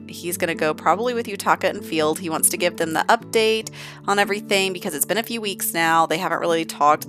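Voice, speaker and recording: Chatty young woman with a low voice. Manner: chatty, bubbly, filler-heavy. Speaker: game let's-play host. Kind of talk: casual gameplay commentary.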